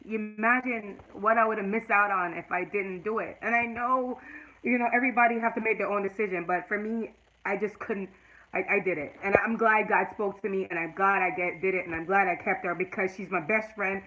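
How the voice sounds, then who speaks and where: A woman's voice: mid-range voice, fairly even intonation, a little fast, sharp tone, low-quality recording. A woman in her forties talking to her live chat in a personal vlog, earnest and at times tearful, then emphatic and preachy. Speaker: YouTube vlogger.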